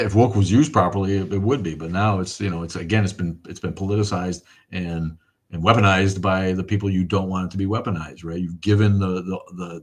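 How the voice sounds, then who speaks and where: A middle-aged man hosting a casual livestream, thanking viewers and ranting in a profane, rambling way. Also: deep voice. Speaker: livestream host. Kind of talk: casual livestream chat reading viewer comments.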